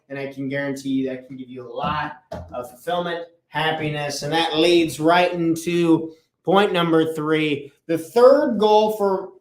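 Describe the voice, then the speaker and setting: A man hosting a motivational business talk at a chalkboard, energetic and repeating key phrases for emphasis. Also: on the high side, recorded from a distance. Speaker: business coach and podcast host. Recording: roomy echo, voice off-mic.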